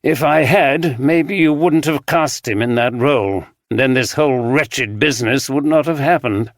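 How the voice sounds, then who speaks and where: A man's voice: medium pitch, measured pace, no room sound, lightly acted. Man doing an earnest supportive actor, medium voice, dry close recording. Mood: apologetic. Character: kindly older actor, apologetic and supportive.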